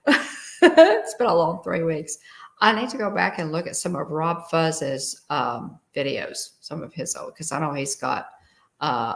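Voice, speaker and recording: A woman with a low, creaky, yet fairly bright voice hosts a casual livestream. She's chatty, reading trivia aloud and greeting viewers by name.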